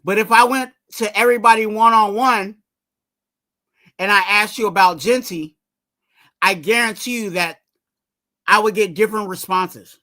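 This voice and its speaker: A man's voice: high voice, normal speed, pauses often, sharp tone. A man hosting a fan channel, giving casual sports commentary in a rambling way and urging viewers to subscribe.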